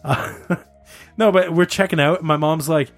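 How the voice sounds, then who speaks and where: A man co-hosting a casual chat, telling a story in an animated, laughing way. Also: a little high, measured pace, soft background music.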